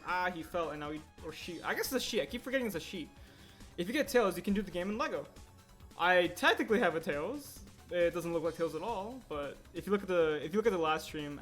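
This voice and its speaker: A man's voice: fairly high pitch, fairly bright tone. A man livestreaming his stop-motion animation work, chatting casually and rambling as he corrects himself mid-sentence. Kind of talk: casual livestream chat while working.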